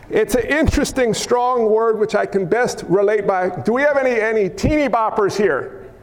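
A male pastor preaching a sermon in a church hall, wearing a mic, animated and acting out crowd cries and quoted lines. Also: sits high, a little slow. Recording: long hall reverb.

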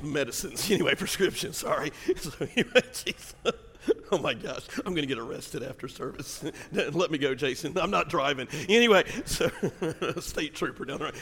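A middle-aged man preaching a sermon in a church, in pain from a back injury. His voice is gravelly and bright, and it carries a long hall reverb. He swings from hushed storytelling to loud, fervent preaching. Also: medium pitch, slight background noise. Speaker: pastor. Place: church sanctuary.

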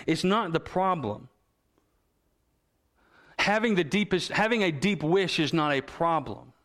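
A male pastor delivers a sermon in a slightly higher-than-usual voice. He speaks earnestly and reads scripture and story passages aloud. For emphasis he slows down and lets his voice sink low. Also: a bit bright.

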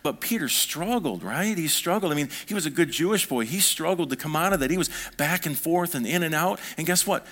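Man preaching a lively sermon. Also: on the high side, brisk, hardly any pauses. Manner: animated preaching, swinging between soft and fired-up. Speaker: pastor.

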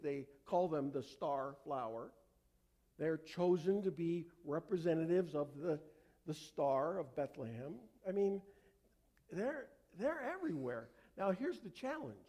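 A man preaching a sermon in a conversational way, asking rhetorical questions and dropping to a quiet, slow voice for solemn passages. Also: fairly high pitch. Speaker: pastor.

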